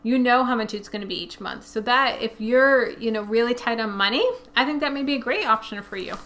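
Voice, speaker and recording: A woman's voice: on the high side, fairly quick, a bit bright. A young woman hosting a personal finance Q&A, chatty and conversational as she answers viewer questions. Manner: chatty, conversational, frequent fillers. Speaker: personal finance channel host. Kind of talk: casual Q&A, reading viewer questions.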